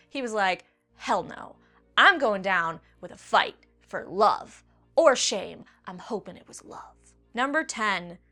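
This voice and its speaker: Excitable woman with a bright voice. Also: mid-range voice, clear, resonant tone. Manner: excitable, swearing, dramatic voiced quotes. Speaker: book video host. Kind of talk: enthusiastic countdown commentary.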